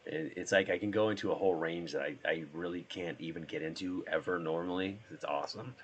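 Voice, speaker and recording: Hoarse man chatting casually. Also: low-pitched, a little fast, hardly any pauses. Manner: rambling, trails off. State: hoarse from being sick. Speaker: streamer. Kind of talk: casual chat while playing a drone simulator.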